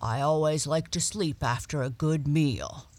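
A woman reading a storybook aloud and voicing a friendly, warm-hearted male dog in a slower, lower and louder voice with a changed timbre.

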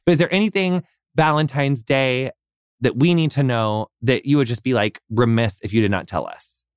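A man's voice: medium pitch, normal speed, clean tone, dry recording, studio quality. An American man hosting a podcast interview, gushing and effusive, full of fillers and casual swearing. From United States. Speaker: podcast host.

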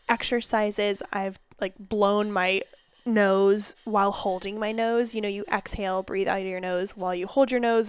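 A woman's voice: medium pitch, no echo. A young woman hosting her own podcast, congested from a cold, chatting casually and rambling with self-mocking asides into a microphone. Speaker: podcast host and holistic nutritionist. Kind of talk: casual solo podcast chat.

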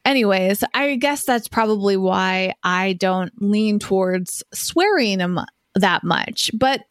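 A woman's voice: mid-range voice, expressive, slow, dry recording. Reflective woman podcast co-host, dry close sound. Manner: reflective, thinking aloud with hesitations. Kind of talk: casual podcast chat.

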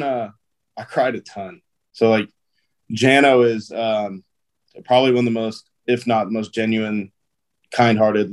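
A man's voice: fairly low pitch, a little mellow. A man, a pro baseball player, telling stories as a guest in a casual interview, loose and chatty with lots of "um", "like" and "dude".

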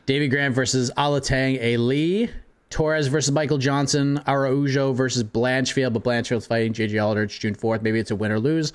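A man's voice: mid-range voice, steady tone, moderate pace, smooth. Man casually reading listener fight picks. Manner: reads lists of matchups, chuckles often. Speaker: podcast co-host.

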